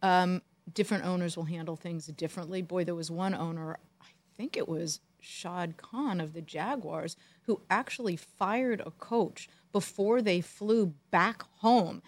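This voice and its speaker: A woman co-hosting a podcast, a former team executive telling animated stories with dry jokes. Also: fairly low pitch, measured pace. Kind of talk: casual storytelling chat.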